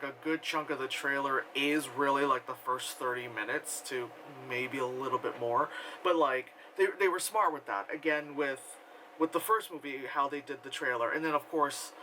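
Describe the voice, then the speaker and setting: A man's voice: a little high, bright, forceful tone, a little hiss or hum, rough recording. A man giving a casual, rambling film review full of fillers and offhand swearing. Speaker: movie reviewer.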